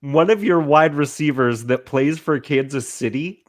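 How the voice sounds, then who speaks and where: A man with a slightly raised voice talks slowly and deliberately, piling on profane, mock-indignant trash talk as a podcast host. The sound is dry and close, with no room behind him. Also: a little high, no room sound. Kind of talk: casual chat.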